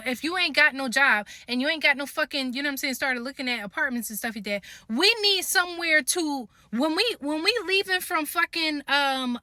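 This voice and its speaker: A woman's voice: high voice, pushed and bright, no echo, clean studio sound. A young woman in a casual storytime vlog, talking animatedly with lots of swearing and laughing at her own story. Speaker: storytime vlogger.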